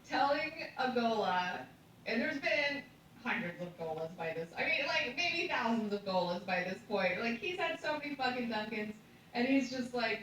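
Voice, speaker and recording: A woman's voice: mid-range voice, moderate pace, slight background noise. Woman in a very echoey, distant recording. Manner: animated, swearing and laughing at the story. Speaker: commentator. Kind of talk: comic book breakdown.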